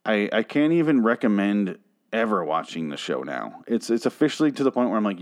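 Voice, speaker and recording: Male TV reviewer, slightly low voice, swearing, fed up, rambling recap with restarts. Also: big pitch swings, brisk. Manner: profane, exasperated, rambling with restarts. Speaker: TV show reviewer. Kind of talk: casual episode recap and rant.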